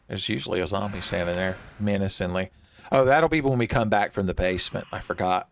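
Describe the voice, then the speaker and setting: A man's voice: low-pitched, fairly quick, vocal fry, a little hiss or hum. Jokey man commenting on his gameplay. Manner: joking, talks to the enemies on screen. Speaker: gaming channel host. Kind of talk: let's play commentary.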